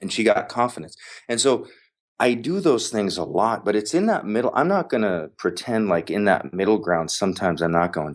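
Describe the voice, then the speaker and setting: A man, a podcast guest, telling a family story in casual conversation, animated and emphatic, repeating phrases for effect. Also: on the low side, moderate pace.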